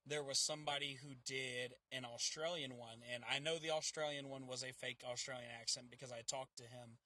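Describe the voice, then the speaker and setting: A man's voice: medium pitch, fairly even intonation, fairly quick, bright, forceful tone. A man with a Southern US accent, co-hosting a casual chat and animatedly acting out quotes as he tells stories. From Southern United States. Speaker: haunt reviewer co-host.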